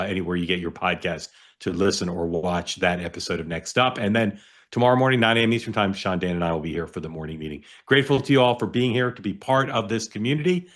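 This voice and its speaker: Low-voiced man hosting, full of "uh"s. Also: fairly bright tone. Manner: halting, many "uh" fillers. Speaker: host. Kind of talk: show wrap-up and announcements.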